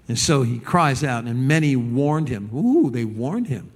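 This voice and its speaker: Guy pastor giving a sunday sermon, chatty and animated, lots of restarts, middle-pitched voice. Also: normal speed, few pauses. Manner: animated, acts out the people he quotes; conversational with restarts and repeated words.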